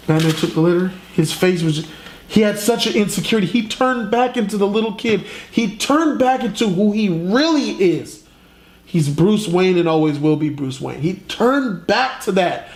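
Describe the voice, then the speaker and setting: A man retelling a comic plot in a casual, animated, profane way, as a reviewer. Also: high voice, normal speed, a little hiss or hum. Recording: roomy echo.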